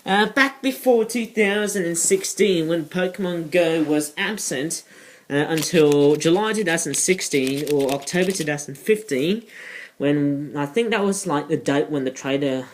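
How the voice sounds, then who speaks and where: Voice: mid-range voice, measured pace, a little hiss or hum. A toy reviewer in a casual vlog, rambling off topic with many ums and uhs. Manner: rambling, digressive, many fillers.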